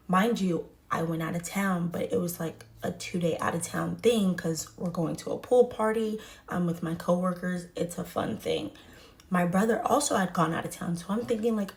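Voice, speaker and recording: A woman's voice: lowish voice, moderate pace. A young woman with a Houston accent telling a personal story in a casual storytime style, acting out what people said and repeating lines for emphasis. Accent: Southern US, Houston. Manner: animated, acts out the quoted voices, repeats lines for emphasis.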